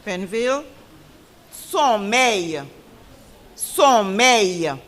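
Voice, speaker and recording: A woman reading out spelling bee words, saying each word twice in a slow, deliberate way and ruling answers correct or wrong. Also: medium pitch, lively intonation, a bit bright, a little hiss or hum. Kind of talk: reading contest words aloud and judging answers.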